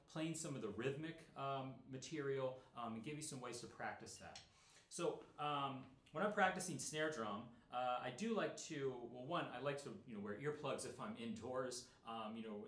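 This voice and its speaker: A middle-aged man teaching snare drum in a relaxed, explanatory way, with many fillers. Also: medium pitch, reverberant. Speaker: percussion teacher. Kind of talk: instructional talk.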